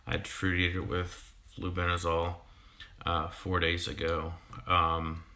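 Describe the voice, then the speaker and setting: Deep, flat-voiced man rambling on a livestream. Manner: halting, full of ums and restarts. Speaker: fishkeeping YouTuber and sixth-grade teacher. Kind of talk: casual livestream chat.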